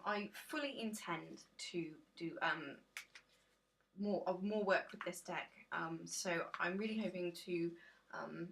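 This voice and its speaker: A woman vlogging from home with a bright, sharp-edged voice. She rambles in a tired, self-deprecating way, filling gaps with ums as she chats casually. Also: on the low side, creaky, slight background noise. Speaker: tarot vlogger. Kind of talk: casual deck reveal chat.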